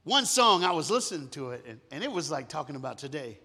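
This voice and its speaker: A man preaching a storytelling sermon, moving between hushed and loud, sometimes singing lines of a song. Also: on the high side, very animated, fast. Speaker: guest preacher. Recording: long hall reverb.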